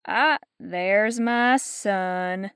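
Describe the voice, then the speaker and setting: A woman's voice: medium pitch, extremely slow, fairly bright tone, smooth, no echo, studio quality. A woman voicing a haughty, ageless witch with a thick Southern accent and a cold, condescending drawl. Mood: frosty.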